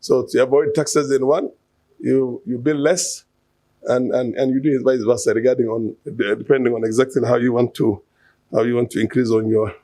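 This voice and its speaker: A man's voice: medium pitch, flat delivery, normal speed, dark tone, no echo. A man giving an unscripted conference talk, hesitant, with many fillers and restarts, asking the audience rhetorical questions. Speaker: conference speaker.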